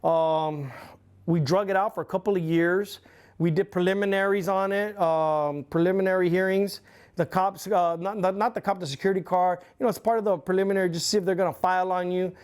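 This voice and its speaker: Here a middle-aged interview guest rambles through a long tale, casual and foul-mouthed, bringing the moments to life as he retells them. His pitch is high, his delivery a little fast, and the tone is clean.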